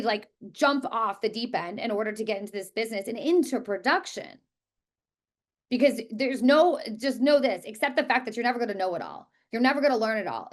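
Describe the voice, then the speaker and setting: A woman teaching a real estate class, talking quickly and emphatically and repeating words for stress. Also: fairly high pitch. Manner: talks quickly. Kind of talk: live class presentation.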